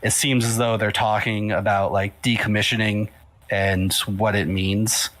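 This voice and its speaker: A man with a lowish voice serves as game master for a tabletop game. He narrates loosely, with plenty of fillers and restarts. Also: measured pace, poor audio. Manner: relaxed, filler-heavy narration.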